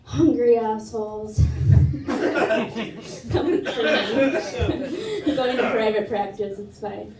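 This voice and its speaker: A woman's voice: on the high side, animated, drawn-out words, long pauses. A woman performing a stand-up set, telling crude, self-mocking jokes on a comedy club stage. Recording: roomy club audio from a distance with crowd.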